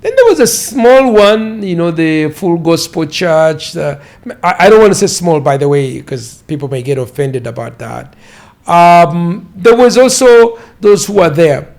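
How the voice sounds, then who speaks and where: A man's voice: a little high, very animated, measured pace, creaky, darkish tone. A man in his fifties with a Ugandan accent, a pastor telling his life story in an interview, rambling and repeating words for emphasis. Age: 50s.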